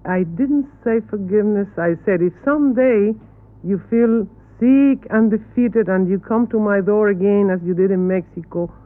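Earnest Cuban-accented woman, tinny archive. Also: mid-range voice. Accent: Cuban Spanish. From Cuba. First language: Spanish. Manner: earnest, halting, corrects the questioner. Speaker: interview guest. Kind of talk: televised panel interview. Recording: tinny archival broadcast audio.

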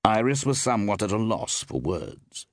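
In clean studio quality with no echo, a man with a lowish voice reads an audiobook. His storytelling is measured yet expressive.

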